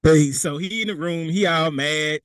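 A man's voice: on the high side, normal speed, fairly bright tone, no room sound. Fervent young male preacher, dry close sound. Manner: conversational preaching with vernacular asides and quoted voices. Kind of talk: sermon.

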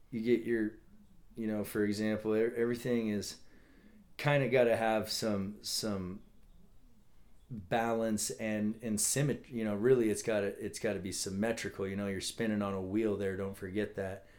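Male podcast guest from California, lower register, halting, filler-heavy casual talk. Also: darkish tone. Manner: halting, many restarts and fillers. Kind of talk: casual chat.

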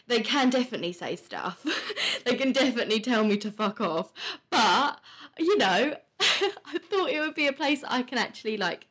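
A woman's voice: medium pitch, fairly bright tone. A woman in her twenties hosting a podcast, chatting casually in a candid, sweary way and laughing often. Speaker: podcast host. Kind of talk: casual chat.

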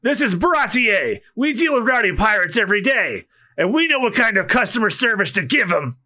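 A man shouting as a blustering burly cook. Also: high-pitched, very animated, brisk, pitched above the performer's own voice, exaggerated voice. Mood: defiant. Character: loud brawny male cook defending his restaurant.

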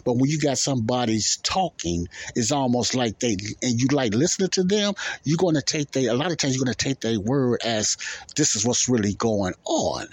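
A man's voice: medium pitch, normal speed, slightly rough. A middle-aged man hosting a podcast, talking loosely and repeating himself as he comments on video clips. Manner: loose, repetitive, keeps asking if you understand. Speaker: podcast host.

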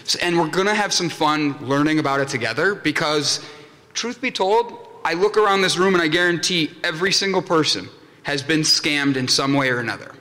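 A man's voice: fairly high pitch, lively intonation, a little fast, pushed and bright. A young man giving a comedic conference talk, telling anecdotes and acting out the voices in them. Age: young adult. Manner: jokey storyteller, acts out voices in anecdotes. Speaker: conference speaker. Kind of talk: comedic keynote talk to a live audience. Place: conference hall. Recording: long hall reverb from a conference room.

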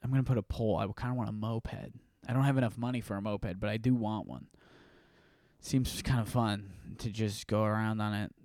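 A man hosting a casual solo podcast, rambling through animated stories with frequent restarts. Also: fairly low pitch, brisk, no room sound, clean studio sound. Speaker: podcast host.

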